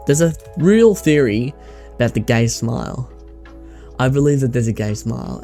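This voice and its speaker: A young Australian man talks straight to camera in a loose vlog ramble, full of slang and swearing. His voice is gravelly and sits on the dark, mellow side. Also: mid-range voice. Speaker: vlogger. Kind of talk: casual rambling chat.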